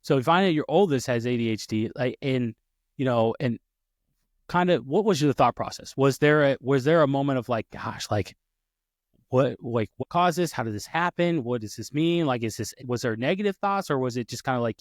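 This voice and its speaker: A man's voice: mid-range voice, a little fast, dry recording, studio quality. A man co-hosting a podcast who tells a story in casual chat, acting out the voices of other people and stopping to restart his sentences. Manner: animated, acts out quoted voices, many restarts. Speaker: podcast co-host.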